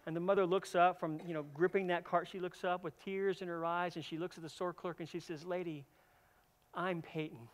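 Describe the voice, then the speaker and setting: High-voiced man preaching a sermon. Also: flat delivery, fast talker, hardly any pauses. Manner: earnest storytelling, often repeats a word when starting a phrase; swings between louder emphatic stretches and hushed, soft passages. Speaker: senior pastor.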